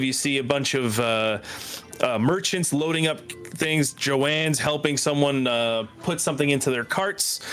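A man narrating a tabletop game as game master, halting often with fillers. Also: medium pitch, fairly bright tone, clear, resonant tone.

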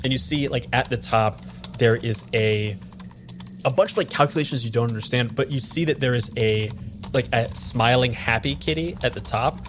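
A man's voice: mid-range voice, normal speed, noisy background. A man narrating a tabletop role-playing game as game master, talking casually and rambling with lots of fillers.

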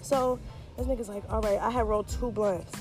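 A woman in her twenties tells a story in casual chat, animated and profane, acting out the people she quotes. Her mid-range voice is brisk, with faint music behind her.

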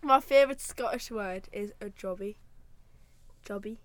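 A woman's voice: a little high, normal speed, a bit bright, dry recording. Teasing young woman. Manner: teasing, giggly. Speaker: podcast co-host. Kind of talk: casual chat.

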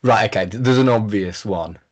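A man's voice: lowish voice, fairly quick. Man, podcast guest, casual chat, sweary, flustered, laughs at himself. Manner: sweary, self-mocking, flustered.

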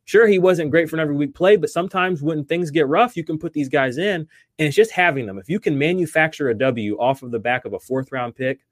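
A man's voice: a little high, a little fast, no echo, clean studio sound. A man hosting a fantasy football podcast, talking casually and animatedly, with lots of fillers and restarts. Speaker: podcast host.

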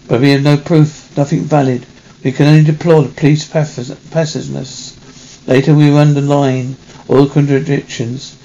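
Flat, gravelly man reading a script. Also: a little high, lo-fi sound. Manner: halting reading with self-corrections. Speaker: reader. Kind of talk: reading a film script aloud.

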